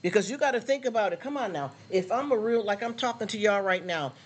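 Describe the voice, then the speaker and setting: Casting: man, live stream host, blunt and animated, high voice, street slang. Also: fast. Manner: animated, blunt street talk, repeats words. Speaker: livestream host. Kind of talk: casual live stream chat.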